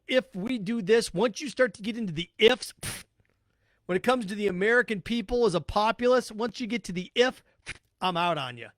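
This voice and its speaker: A man with a high voice hosts his own sports talk podcast. He rants bluntly and sarcastically, hammering his points over and over. The sound is dry and close, with no room echo. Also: fairly bright tone. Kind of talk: opinionated solo podcast rant.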